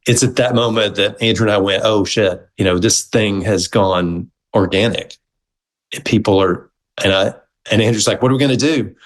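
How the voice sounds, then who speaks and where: A middle-aged man, a guest on an interview show, telling his story in a casual, animated way and acting out the quoted dialogue. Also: fairly low pitch, normal speed, poor audio. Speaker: guest, movement founder.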